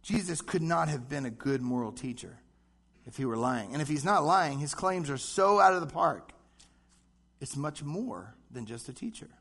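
Animated high-voiced male preacher. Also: creaky, husky. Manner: animated, acts out voices in quick asides. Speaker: pastor. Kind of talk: sermon.

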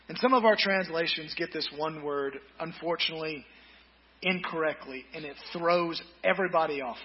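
A male pastor preaching a sermon, reading scripture slowly and deliberately with quick joking asides. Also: high-pitched, muffled recording.

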